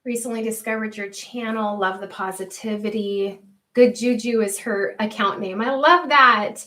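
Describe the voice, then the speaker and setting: A woman's voice: mid-range voice, steady tone, normal speed, sharp tone. A woman hosting a homestead livestream, chatting earnestly and reading viewer comments aloud, laughing easily.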